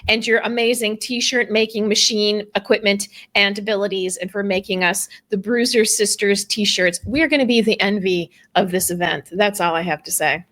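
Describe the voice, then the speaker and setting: A woman co-hosting a podcast in casual chat, earnest and a bit halting as she talks. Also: mid-range voice, a bit bright. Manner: earnest, with filler words and restarts. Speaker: podcast co-host.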